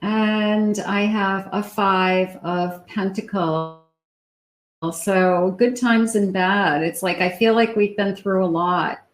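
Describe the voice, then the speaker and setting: A woman giving a tarot love reading, talking slowly and musingly to her viewers. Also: medium pitch, fairly even intonation, rough recording. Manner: slow, musing, talks to the viewer. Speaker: tarot reader.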